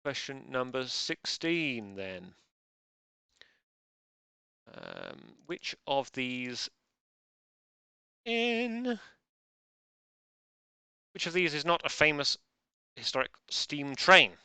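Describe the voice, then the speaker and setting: A man's voice: medium pitch, big pitch swings, slow, vocal fry, pauses often, bright, forceful tone, smooth, no room sound. A man hosting a live online quiz, joking drily and rambling. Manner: dry, rambling, self-deprecating jokes. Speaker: quiz host.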